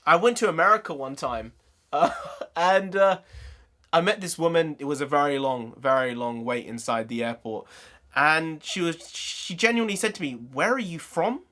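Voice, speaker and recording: A man with a southern English accent, from the London area, hosting a casual reaction video with jokey, excitable commentary and frequent laughter. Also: a little high, moderate pace. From London area, England. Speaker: YouTube host.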